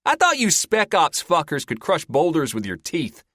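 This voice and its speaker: A teasing, sarcastic male soldier, put on by an audiobook narrator. He talks lively and mocking. The recording is dry and close. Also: a little high, moderate pace, dry recording, pitched above the performer's own voice, exaggerated voice. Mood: joking. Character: wisecracking trapped male soldier.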